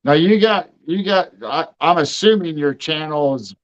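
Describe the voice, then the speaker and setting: A man's voice: on the high side, animated, moderate pace. A man co-hosting a casual chat, folksy and plain-spoken. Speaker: co-host. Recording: dull lo-fi sound.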